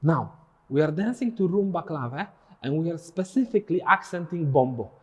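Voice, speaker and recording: Man, dance instructor, slightly higher pitch, counts beats, sings rhythms. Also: lively intonation, moderate pace, slightly rough. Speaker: dance teacher. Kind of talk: follow-along dance lesson.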